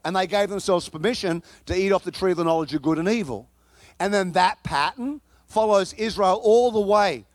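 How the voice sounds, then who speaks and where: A man with a notably high voice delivers a sermon in a lively, conversational manner, tossing in playful asides. The sound is close and dry, with no room echo. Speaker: preacher.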